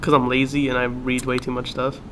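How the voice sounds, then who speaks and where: A man's voice: medium pitch, completely flat delivery, fairly quick, a bit bright, slight background noise, poor audio. A young man co-hosting a podcast, chatting casually in a laid-back, rambling way about what he reads. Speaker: podcast co-host. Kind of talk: casual chat.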